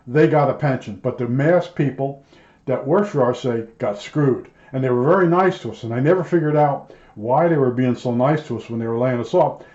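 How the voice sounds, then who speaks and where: Older male storyteller, mellow voice, loose and chatty, dull roomy home recording. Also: medium pitch. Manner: rambling, conversational, with many fillers and restarts. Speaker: storyteller recalling his factory job. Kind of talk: casual spoken memoir.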